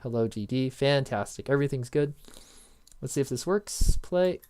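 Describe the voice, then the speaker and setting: A man with a medium-pitched, clear and resonant voice of darkish tone runs a casual screen-recorded coding lesson. Speaking at normal speed with lively intonation, he rambles through notes, adding jokey asides and interrupting himself frequently.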